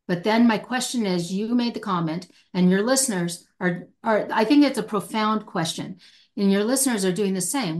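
A middle-aged woman speaking with passion and emphasis in a podcast interview. She drives her points home and acts out what people say to themselves, her voice sitting at an ordinary pitch. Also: moderate pace, darkish tone. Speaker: hostage negotiator, podcast guest.

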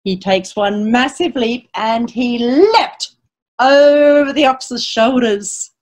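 A woman, a children's author, reading a picture book aloud to children as an animated storyteller, reciting rhyming verse and asking her listeners questions. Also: on the high side, takes it slowly. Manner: reads rhyming verse in lively sing-song.

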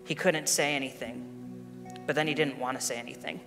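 Male pastor, earnest animated sermon delivery; long hall reverb, guitar bed. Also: medium pitch, a little fast. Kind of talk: sermon with read-aloud story.

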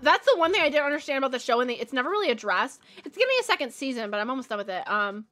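A chatty woman streamer with a Valley Girl accent rambles and giggles while drawing, constantly using "like." Her slightly high voice is sharp, bright, sing-song, and rapid-fire, with soft background music.

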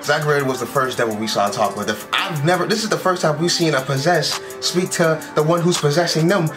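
A man giving casual, excitable reaction commentary as an anime reaction YouTuber, full of slang and quick exclamations. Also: a little high. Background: anime episode audio with music.

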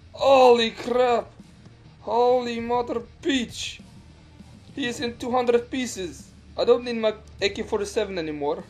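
A man putting on a fake Russian accent to play a crude, excitable commentator called Vladimir, swearing and laughing over a game. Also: high voice, heavily acted. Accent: put-on Russian accent. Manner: swears a lot, laughs and yelps at crashes. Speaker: gameplay commentator. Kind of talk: comic game commentary in character.

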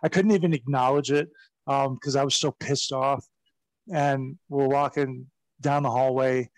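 A man telling backstage stories as a guest in a casual interview, animated and profane, laughing as he goes. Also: medium pitch, a little slow, no echo. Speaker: guest recounting his wrestling career.

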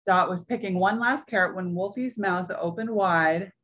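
A woman reading a picture book aloud to children, gently explaining words as she goes. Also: medium pitch, normal speed, husky. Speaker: story reader for children at church.

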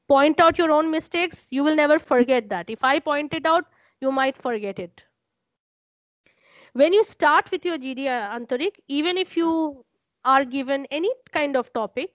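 Female lecturer, Indian English accent, high pitch, insistent and repetitive, dull online-call sound. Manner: corrective, repeats points. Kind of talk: online class feedback. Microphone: video call.

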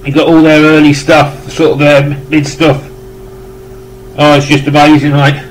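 A man's voice: a little high, flat delivery, measured pace, a little hiss or hum, poor audio. A British man casually chatting on camera as he unboxes records, rambling and effusive with joking asides. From United Kingdom.

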